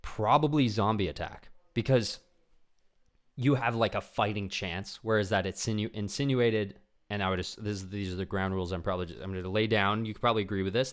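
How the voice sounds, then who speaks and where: A young man hosting a solo podcast in a casual ramble, often dropping into quick imitations of other people. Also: low-pitched. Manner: rambling, animated, acts out voices of people he imagines. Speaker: podcast host.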